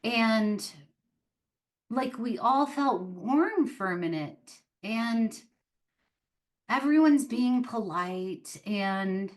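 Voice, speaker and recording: A woman, an author and podcast guest, telling a personal story in casual interview chat, animated and full of fillers. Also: on the high side, extremely slow. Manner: animated, chatty, many fillers like "like" and "um".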